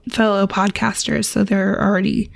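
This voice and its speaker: Hoarse, nasal woman podcast co-host. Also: medium pitch, flat delivery, moderate pace, dry recording, studio quality. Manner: chatty, rambling, breaks into laughs. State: congested, ragged nasal voice. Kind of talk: casual podcast sign-off chat.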